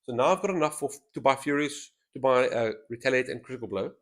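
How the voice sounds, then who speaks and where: A man hosts a solo board game stream, thinking aloud as he weighs each move in casual commentary. He talks fast in a mid-range, fairly bright voice, speaking into a headset mic with a straw-like boom.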